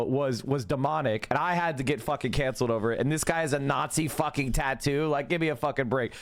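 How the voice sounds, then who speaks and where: A man streaming a heated political rant, profane and exasperated, firing off rhetorical questions. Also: on the high side.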